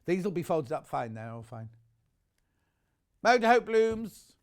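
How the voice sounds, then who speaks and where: A man's voice: high voice, very animated, a little slow. A man presenting on a live shopping channel, chatty and enthusiastic, rambling into personal asides between prices.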